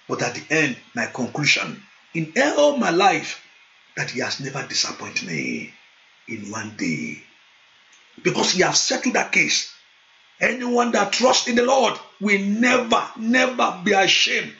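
Man, pastor, fervent sermon, bright sharp voice, dull lo-fi recording. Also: sits high, very animated, unhurried, gravelly. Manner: impassioned, shouting in prayer, speaking in tongues. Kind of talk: sermon with prayer. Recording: dull lo-fi sound.

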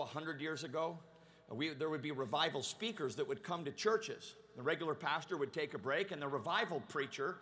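A male pastor preaches to a large conference crowd, speaking fairly quickly with a breathy edge. He often repeats words and restarts, veering between shouting and a low, quiet, confiding tone.

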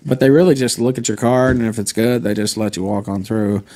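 Southern man, mid-pitched, relaxed chat, filler-heavy. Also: fairly quick, no room sound. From Memphis, Tennessee, USA. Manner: easygoing, many "uh" fillers, laughs often. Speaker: stream host. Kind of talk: casual chat.

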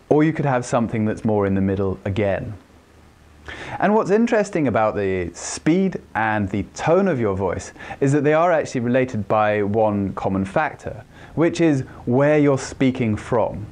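A man's voice: sing-song, unhurried, a little mellow. Man teaching communication skills. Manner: demonstrates voice pitch and speed while explaining. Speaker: communication trainer. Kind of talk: instructional talk.

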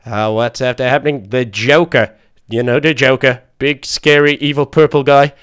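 A man with an Irish accent voicing an older, polite male butler in a Minecraft adventure, speaking slowly and softly. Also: mid-range voice, fairly even intonation, clear, resonant tone, voice pushed down, natural voice. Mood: worried, polite. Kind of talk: Minecraft adventure role-play.

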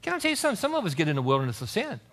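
Male pastor preaching a church sermon; bright, high, very lively voice with scripture readings and asides. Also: very fast. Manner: animated preaching, reads scripture aloud with asides. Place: church service.

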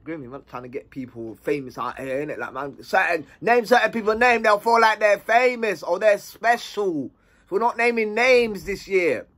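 A man's voice: high voice, normal speed. A man telling a story in a casual, slang-heavy way. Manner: animated, slang-heavy, acts out dialogue.

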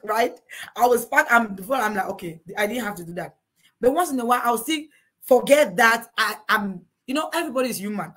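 Husky, preachy woman. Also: fairly high pitch, fairly bright tone. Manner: earnest, preachy, rhetorical questions. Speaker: co-host of a couples talk show. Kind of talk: preachy advice talk to a live chat.

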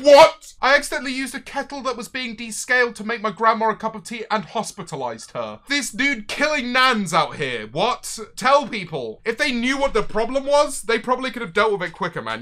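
A man hosting a livestream, reading viewer confessions aloud in a loud, profane and excitable way. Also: very high voice, fairly quick, hardly any pauses. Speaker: streamer host.

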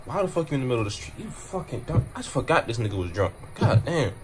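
A young man hosting a reaction video, swearing and incredulous, breaking into loud outbursts of disbelief. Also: mid-range voice, big pitch swings, fast. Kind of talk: profane reaction commentary. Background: music.

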